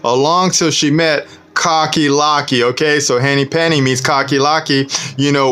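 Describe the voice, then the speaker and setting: A man's voice: mid-range voice, fairly even intonation, moderate pace, few pauses, pushed and bright, smooth. A man hosting a casual show, reading a storybook aloud and breaking off for preachy asides, with "man" and "okay" in nearly every line. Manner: laid-back, peppers talk with "man" and "okay". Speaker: show host.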